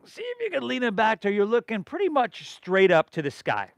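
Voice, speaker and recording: A man's voice: high voice, big pitch swings, moderate pace, gravelly, dry recording. A middle-aged man from leading a live yoga class, giving rhythmic breath and pose cues with casual, encouraging asides. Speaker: yoga instructor.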